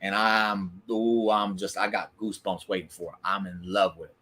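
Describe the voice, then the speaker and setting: A man's voice: sits low, steady tone, moderate pace, bright, forceful tone. A man hosting a casual wrestling recap stream, chatty and opinionated, talking back to viewers in the chat. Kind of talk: casual live-stream commentary.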